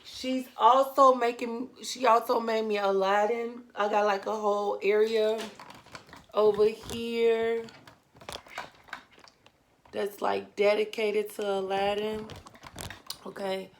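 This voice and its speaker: A woman's voice: medium pitch, little pitch movement, takes it slowly, long pauses, a little hiss or hum. A woman vlogger, chatting emphatically to her viewers and tagging "okay?" onto her points. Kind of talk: casual unboxing chat to viewers.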